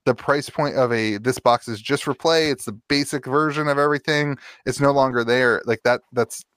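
A man co-hosting a casual podcast, talking in a halting way full of restarts. His voice sits at a middle pitch. The sound is dry and close. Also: a bit bright, clear, resonant tone, no echo. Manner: halting, restarts a lot while explaining. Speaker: podcast co-host. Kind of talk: casual chat.

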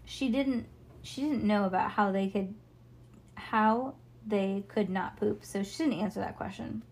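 A woman's voice: mid-range voice, a little slow, a little mellow. A woman reading a children's book aloud in a casual way, with slips and little asides. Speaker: reader.

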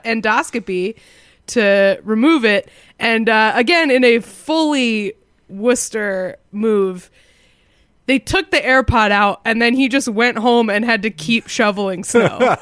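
Woman co-host from Massachusetts, rambling storyteller, dry studio sound, middling pitch. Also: fairly bright tone, no echo. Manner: rambling storyteller, laughs often. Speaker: podcast co-host. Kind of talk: casual chat.

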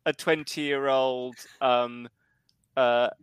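A man's voice: mid-range voice, fairly even intonation, drawn-out words, smooth, no echo, clean studio sound. A man co-hosting a casual podcast chat, rambling as he spins elaborate joking schemes. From United Kingdom. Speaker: podcast co-host.

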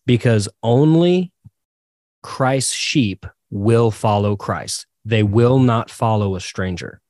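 A man co-hosting a casual Bible study discussion, explaining passages in a measured way. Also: fairly low pitch, a little mellow, dry recording, studio quality.

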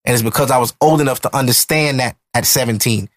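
A man in his thirties hosting a podcast, telling a personal story in an emotional, animated way. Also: mid-range voice, fast. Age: 30s. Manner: emotional, animated retelling with acted-out quotes. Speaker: podcast host. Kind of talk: casual storytelling chat.

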